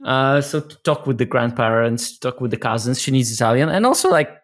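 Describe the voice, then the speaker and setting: A man's voice: mid-range voice, animated, brisk. A man from Poland with a Polish accent, a guest in a casual podcast chat, who talks freely and repeats words while he thinks. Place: lives in Cornwall, England.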